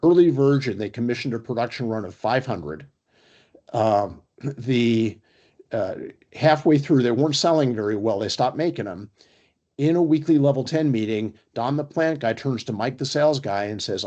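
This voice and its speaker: A man presenting an online workshop on a video call, talking briskly with a storytelling manner and plenty of fillers. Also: medium pitch, a little mellow, highs cut off.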